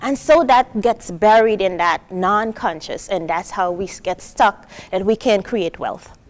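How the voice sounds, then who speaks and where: Animated Trinidad-born woman motivational speaker. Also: mid-range voice, a little slow. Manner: animated, acts out quoted voices, asks the audience questions. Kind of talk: live motivational talk to an audience.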